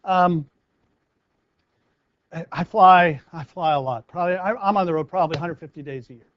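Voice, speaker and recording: A man from the United States, a live performance coach, giving a motivational talk and acting out stories with lively character bits. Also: fairly high pitch, normal speed, no room sound, dull audio. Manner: animated storyteller acting out scenes.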